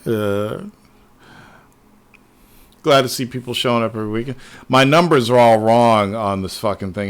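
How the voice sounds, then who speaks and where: A man hosting a casual livestream, talking excitedly and swearing often as he rambles to his viewers. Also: lowish voice. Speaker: livestream host.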